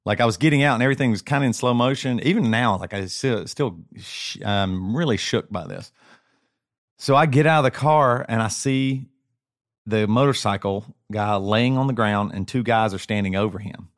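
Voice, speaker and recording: Man, lowish voice, halting, shaken, casual storytelling, dry close sound. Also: no echo. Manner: shaken, halting, many restarts and repeats. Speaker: podcast co-host. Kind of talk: casual chat, personal story.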